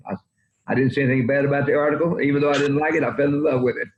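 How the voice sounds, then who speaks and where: An older man in his eighties talks quickly in a slightly high voice, telling folksy, rambling anecdotes. The audio sounds roomy and dull, like a lo-fi remote recording. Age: 80s. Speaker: country music guest. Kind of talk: interview storytelling.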